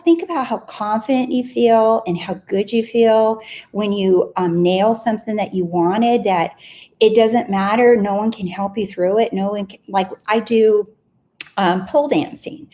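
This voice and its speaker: A woman's voice: a little high, darkish tone. A woman in her thirties, a success coach, giving a casual motivational talk to camera, earnest and repeating short self-affirmations.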